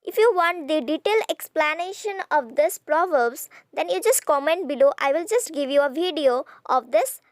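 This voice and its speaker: A woman tutor with an Indian English accent, patiently explaining a poetry exercise and reading lines aloud slowly. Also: high voice, lively intonation, no room sound, studio quality. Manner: slow, patient, reads verse lines aloud in drawn-out tones.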